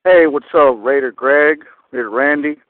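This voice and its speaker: Excited male caller over a phone line. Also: fairly high pitch, moderate pace, noisy background. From Texas. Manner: eager, rambling, fired-up fan.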